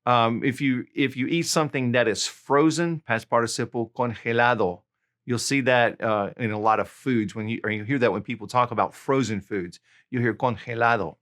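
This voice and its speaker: A man teaching vocabulary in an online lesson. He talks in a friendly, casual way and says each word slowly, then repeats it. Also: mid-range voice, a bit bright. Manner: slow, deliberate repetition of words. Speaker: Spanish tutor.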